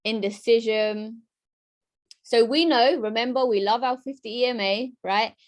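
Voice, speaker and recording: A woman's voice: fairly high pitch, measured pace. Woman running a live trading class, chatty and upbeat, keeps checking in with the chat. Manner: lively, chatty, keeps asking "right?"; talks straight to her chat audience. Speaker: trading educator. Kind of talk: live-streamed chart lesson.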